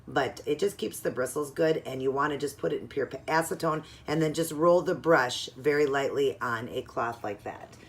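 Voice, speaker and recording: A woman's voice: a bass voice, slight background noise. A woman narrating a casual, step-by-step nail art tutorial at home in a chatty, instructive way.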